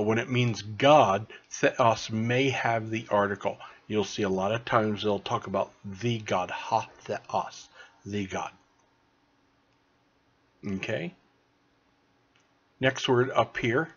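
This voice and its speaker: A man speaks in an unhurried, patient tutoring voice, stopping to check understanding with a quick "okay?" after each point. His voice sits a little low and slightly husky, and the recording sounds dull and lo-fi. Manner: slow, patient teaching with frequent "okay?" checks. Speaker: Greek tutor. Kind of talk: recorded online lesson.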